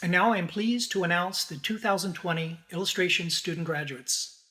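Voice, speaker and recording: A man's voice: sits high, normal speed, pushed and bright. A man on the illustration faculty giving a formal, recorded commencement address and reading out the graduates' names and honors.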